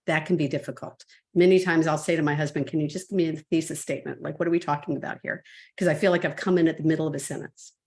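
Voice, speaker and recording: A middle-aged woman coach in a webinar, laying out her points one by one in a clear, orderly way. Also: deep voice, darkish tone. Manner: methodical, lists points one by one. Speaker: parenting coach and expert guest. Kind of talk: explaining in a webinar.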